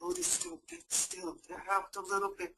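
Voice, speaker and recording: A woman's voice: medium pitch, sing-song, normal speed, creaky, very noisy. A woman acting in a training role-play as a frightened woman fleeing an abusive partner, tearful and repeating herself. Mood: panicked.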